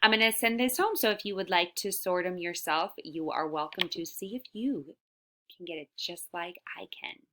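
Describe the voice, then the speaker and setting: A woman teacher giving a phonics lesson to young children, sounding out letters slowly and praising often. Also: lowish voice, a bit bright, slight background noise. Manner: slow, stretched-out letter sounds, encouraging. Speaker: early-years teacher.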